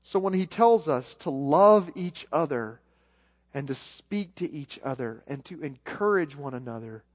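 A man with a Southern American accent preaching a sermon as pastor, earnest, repeating words as he builds a point. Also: mid-range voice. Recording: long hall reverb.

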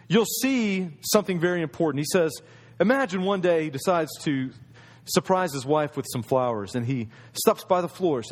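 A man preaching a sermon in a conversational storytelling way, acting out the voices of people in his stories. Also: fairly high pitch. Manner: storytelling, acts out quoted voices.

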